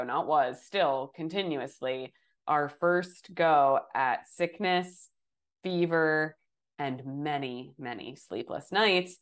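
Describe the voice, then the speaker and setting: A young woman co-hosting a casual podcast chat, speaking while sick with a hoarse voice, candid and swearing casually. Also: low voice, slow. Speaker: podcast co-host.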